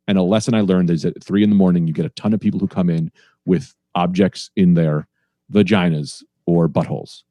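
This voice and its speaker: Male comedian guest, low warm voice, dry sound; rambling, profane storyteller. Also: dry recording. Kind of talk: casual podcast storytelling.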